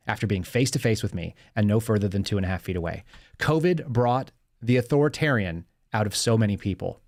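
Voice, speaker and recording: A man hosting a live podcast, speaking in an emphatic, fast-paced monologue and reading a post aloud. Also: on the low side, a little mellow, no room sound, studio quality. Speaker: podcast host.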